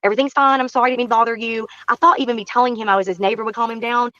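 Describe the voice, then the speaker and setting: A woman talks very fast in a fairly high voice, recounting a neighborhood encounter as a guest. Casual and animated, she acts out quotes and repeats phrases for emphasis; there is no echo and the audio is dull.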